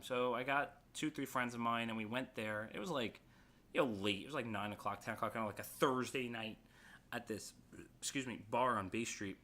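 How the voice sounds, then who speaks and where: Bright-voiced New man, rambling. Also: mid-range voice, moderate pace. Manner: swearing, rambling storyteller. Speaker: podcast co-host. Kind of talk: casual chat.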